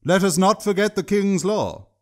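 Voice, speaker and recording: A man reading an audiobook, voicing a wealthy lord in a measured, lofty and formal manner. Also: sits high, voice pushed up, natural voice. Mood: lofty, condescending. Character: pompous wealthy male lord.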